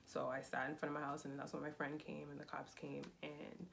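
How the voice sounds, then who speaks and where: A young adult woman, telling a personal story in a casual, animated vlog style with lots of fillers. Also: low-pitched, a little fast, gravelly, slight background noise. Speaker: vlogger.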